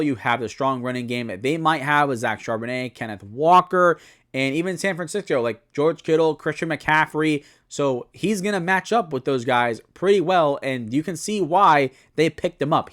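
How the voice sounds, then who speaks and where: A young man giving a solo football season preview, talking it through with animated, self-correcting analysis. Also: a little high. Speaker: sports commentator.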